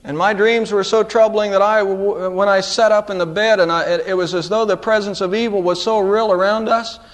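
A middle-aged male pastor delivering a sermon, with dramatic rises and drops in pitch. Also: fairly even intonation, brisk.

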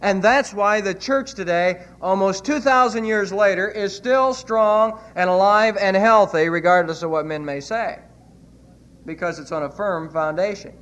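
A man with a notably high voice delivers a sermon from the pulpit. He retells scripture earnestly and leans hard on key phrases. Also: measured pace, a bit bright, dull audio. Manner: earnest preaching, retelling scripture with emphatic quotes. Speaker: pastor.

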